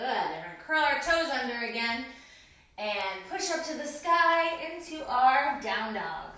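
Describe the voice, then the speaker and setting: A kids' yoga instructor with a high-pitched, sharp voice guides a class, offering encouragement and calling out each breath and pose. Her voice sounds distant, in a room with echo.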